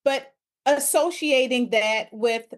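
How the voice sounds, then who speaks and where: A woman with a fairly high voice hosts a wellness podcast. She affirms her guest and chats in an easy, conversational way. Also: takes it slowly. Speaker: podcast host. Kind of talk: podcast interview.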